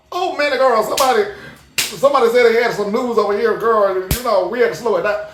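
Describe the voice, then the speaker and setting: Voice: mid-range voice, animated, brisk, reverberant, slight background noise. A livestream host chatting casually to viewers in a sassy, emphatic way, repeating phrases for effect. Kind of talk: casual live commentary to viewers.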